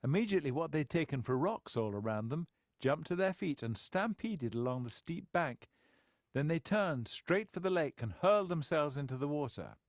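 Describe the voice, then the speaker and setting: A man narrating a book as an expressive storyteller with wry asides, close to the mic. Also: a little high, normal speed, no room sound. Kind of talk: scripted narration.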